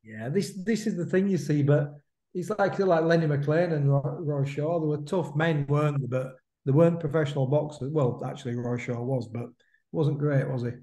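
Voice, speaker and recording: This is a man in his fifties chatting on a podcast, his voice dark and mellow. He loops back on his phrases and tags them with "isn't it?" The sound carries a noticeable room echo. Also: on the high side, fairly even intonation, normal speed. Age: 50s. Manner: chatty, repeats himself, drops in "mate" and "isn't it?" tags. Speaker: podcast co-host. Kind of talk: casual chat about boxing. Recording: roomy echo.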